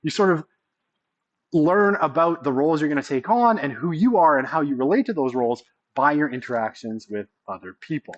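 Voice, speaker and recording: A man's voice: a little high, expressive, fairly quick, lo-fi sound. A man giving a casual college sociology lecture, often checking in with the class by asking "right?".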